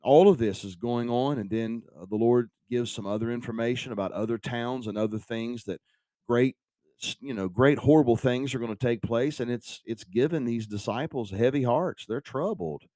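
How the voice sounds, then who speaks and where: A man's voice: mid-range voice, moderate pace, mellow, no echo. A man preaching an earnest devotional sermon on a podcast, repeating phrases for emphasis.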